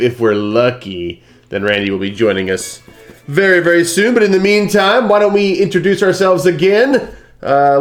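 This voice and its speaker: A man running a tabletop game over a video call, chatty and rambling with plenty of filler words. His voice sits in an ordinary middle pitch, with faint music underneath. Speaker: game master. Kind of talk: casual live-stream game hosting.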